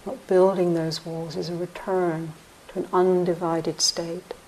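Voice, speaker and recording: A woman meditation teacher giving a dharma talk in a slow, reflective way with frequent pauses. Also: lowish voice, level tone, darkish tone, rough recording.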